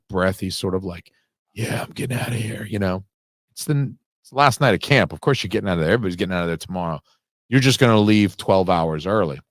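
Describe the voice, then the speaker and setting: A man's voice: fairly low pitch, no echo, studio quality. A man giving a live, casual film commentary, swearing freely and wandering off on tangents with lots of fillers. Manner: casual, profane, digressive with frequent fillers.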